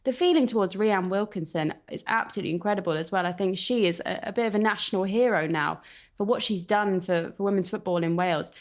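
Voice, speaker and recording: A woman's voice: mid-range voice, fast. Earnest woman football reporter. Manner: earnest, enthusiastic, analytical. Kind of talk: casual chat.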